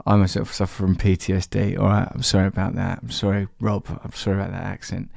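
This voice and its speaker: Gravelly, rambling podcast host. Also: male voice, on the low side, fairly quick, hardly any pauses, a little mellow, no echo, clean studio sound. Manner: rambling, playful and chatty. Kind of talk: casual chat reading listener emails.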